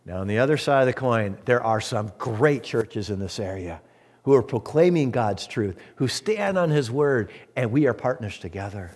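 A man preaching as pastor of his church, swinging from loud emphatic peaks to hushed low asides. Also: expressive, normal speed. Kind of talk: sermon.

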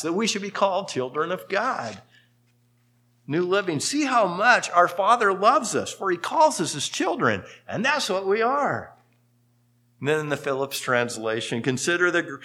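A man preaching a sermon as pastor, telling stories with sudden lively rises in pitch and volume.

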